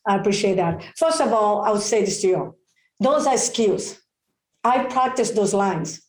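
A woman working as a real estate agent, giving expressive, excitable advice in an interview. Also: medium pitch, moderate pace, roomy sound. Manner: expressive, excitable, many exclamations.

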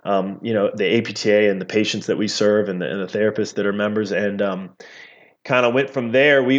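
A middle-aged man, a professor talking as an interview guest, explaining at length and often repeating words as he goes. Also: medium pitch. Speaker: physical therapy professor, guest. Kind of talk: casual interview talk. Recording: slightly dull lo-fi audio.

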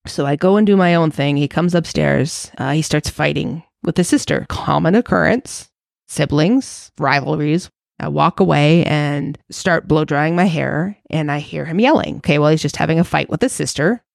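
A woman with a low voice and a gravelly edge hosts her podcast, recorded dry and close with no room sound. She talks through a personal story in a candid, reflective way. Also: normal speed, a little mellow, dry recording. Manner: candid, reflective, self-searching. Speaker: podcast host.

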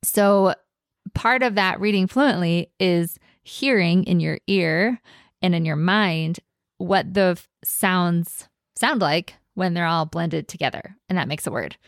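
Gravelly-voiced woman explaining reading games. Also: on the low side, takes it slowly, dry recording, clean studio sound. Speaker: podcast host. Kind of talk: casual teaching talk.

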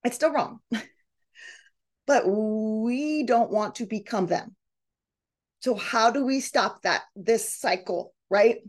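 A woman's voice: a little high, slow pace, long pauses. A middle-aged woman hosting a coaching session, reading out participants' comments and acting out quoted voices. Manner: animated, reads out group comments, acts out quoted voices. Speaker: podcast host and coach. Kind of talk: coaching talk to a live group.

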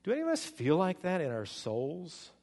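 Animated preacher in an echoing hall. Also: male voice, high voice, creaky. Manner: animated storytelling, swings from loud and excited to hushed and slow. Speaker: pastor. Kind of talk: sermon.

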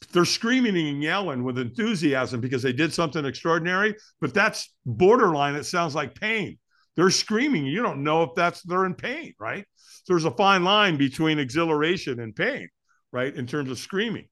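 A man telling a story as a podcast guest, his voice sitting a little high and swooping all over the place. His tone is bright and forceful. He acts the story out with sound effects and quick laughs. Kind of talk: animated storytelling.

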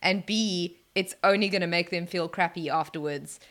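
A woman's voice: fairly low pitch, moderate pace, fairly bright tone. A woman, chatting casually as a podcast guest, laughing often and restarting her sentences. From South Africa. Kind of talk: casual chat.

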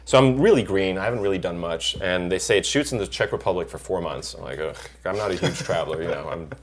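A middle-aged actor in casual chat, telling lively stories and acting out the people he quotes. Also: deep voice, quick pace. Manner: animated storyteller acting out quoted voices. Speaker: actor guest.

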